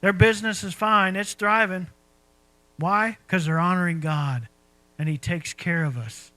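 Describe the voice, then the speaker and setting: A man's voice: high-pitched, fairly even intonation, measured pace, sharp tone, no room sound, low-quality recording. A man preaching a sermon in a folksy, conversational way, asking his listeners rhetorical questions. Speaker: pastor.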